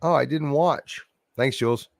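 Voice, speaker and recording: A man's voice: mid-range voice, normal speed, vocal fry, dry recording, clean studio sound. A middle-aged man, hosting a livestream and chatting casually through viewer comments, rambling and laughing often. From Canada. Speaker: livestream host.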